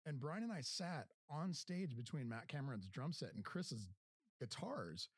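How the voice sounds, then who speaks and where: Lively man telling stories on a podcast. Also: mid-range voice, a little slow, breathy edge, no echo, studio quality. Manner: animated storyteller, acts out quotes. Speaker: podcast host. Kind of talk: casual storytelling chat.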